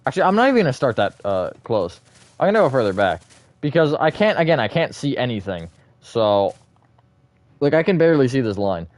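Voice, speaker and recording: A man livestreaming a building game, rambling as he thinks aloud and swinging between flat, disappointed-sounding talk and bursts of energy. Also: medium pitch, fairly quick, no echo. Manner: rambling, thinks aloud with fillers and self-corrections. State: short on sleep. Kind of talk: casual livestream chat while gaming.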